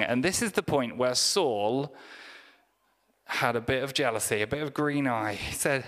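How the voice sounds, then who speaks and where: A pastor delivers a sermon in a relaxed, storytelling way with touches of humor. He speaks slowly at a mid pitch. His voice rings through a reverberant church hall.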